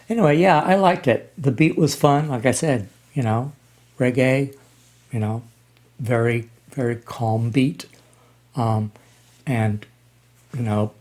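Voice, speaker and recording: An older man in his 60s hosts a reaction channel, offering casual commentary on music in a medium-pitched, darkish voice. He speaks slowly and haltingly, unhurried, with frequent ums and restarts.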